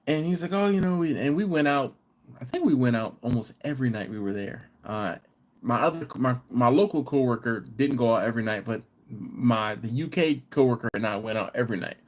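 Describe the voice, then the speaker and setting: Male streamer from the US, mid-pitched, loose rambling chat with viewers. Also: a little fast. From United States. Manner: rambling storyteller, reads out viewer comments. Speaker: host of a live barbecue channel. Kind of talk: casual live-stream chat.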